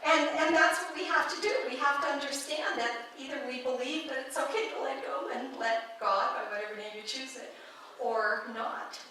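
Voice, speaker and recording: Guest-preaching at a spiritual church, a woman delivers a chatty, playful sermon in a high, bright, forceful voice at a moderate pace. The sound comes from a distance in an echoey sanctuary, with slight background noise.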